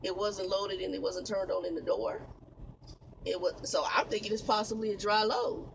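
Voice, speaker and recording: List: man, truck driver, high pitch, rambling exasperated vlog talk, faint vehicle hum behind. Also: steady tone, moderate pace, vocal fry, a bit bright, poor audio. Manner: exasperated, rambling storytelling with laughs. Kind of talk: casual vlog storytelling. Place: inside a truck cab. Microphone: camera facing the speaker.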